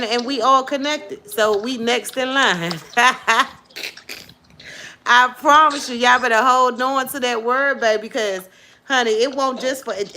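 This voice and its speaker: Bright-voiced preachy woman host. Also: a little high, a little hiss or hum. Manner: lively, preachy, praising God between chatter. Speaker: live-stream host. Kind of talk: casual chat with viewers and callers.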